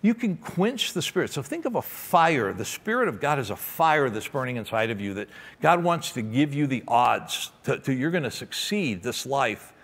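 A man preaching a sermon as pastor, animated and emphatic, telling stories to make his points. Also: medium pitch, normal speed. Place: large church auditorium. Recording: long hall reverb in a church.

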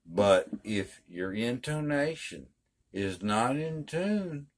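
A man's voice: medium pitch, very animated, slow pace. An older man giving a casual guitar lesson in a folksy, emphatic way, repeating his points. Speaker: guitar teacher.

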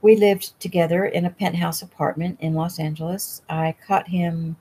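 A woman's voice: fairly low pitch, fairly even intonation, moderate pace, mellow, breathy edge. A woman voicing a feisty, stubborn young woman in a storybook reading, wry and matter-of-fact. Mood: steady, wry.

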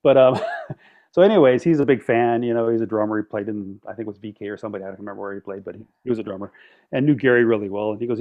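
A man telling stories on a podcast in a casual, animated way, acting out quotes and laughing often. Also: fairly low pitch, very fast, narrow, tinny audio. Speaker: podcast guest, drum line instructor. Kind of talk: casual storytelling.

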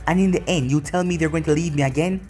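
Brief: man reading a fierce, grieving young emperor, fairly high voice, faint music under it. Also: fast talker, darkish tone, close to an everyday voice. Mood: intense.

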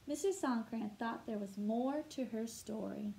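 A woman teacher reads a picture book aloud for children, shaping each line with storyteller expression. Her voice sits a little high, and she stops now and then to ask her listeners questions. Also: measured pace, gravelly, warm tone, a little hiss or hum, poor audio.

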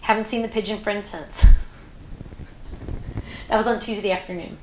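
A woman's voice: medium pitch, fairly even intonation, normal speed, reverberant, slight background noise. A woman hosting a crafting show, chatting casually and rambling through stories with plenty of fillers.

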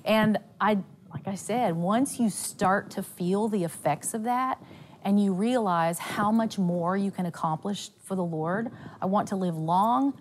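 A woman's voice: mid-range voice, measured pace, slight background noise. A woman from Nashville with a Southern accent, a guest telling stories about faith and health. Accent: Southern American. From Nashville, USA. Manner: animated storytelling with quoted voices.

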